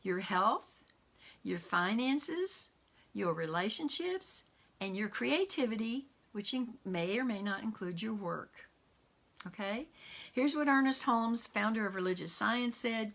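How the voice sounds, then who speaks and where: A woman's voice: mid-range voice, expressive, a little slow. Woman preaching in a conversational tone. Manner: warm conversational preaching with quotes and soft laughs. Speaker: minister. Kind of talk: online sermon.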